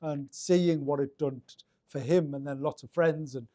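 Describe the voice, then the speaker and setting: Geordie man, soft dark voice. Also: a little high, steady tone, normal speed, dry recording, studio quality. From Northeast England. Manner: rambling, many restarts and fillers. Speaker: guest. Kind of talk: casual interview storytelling.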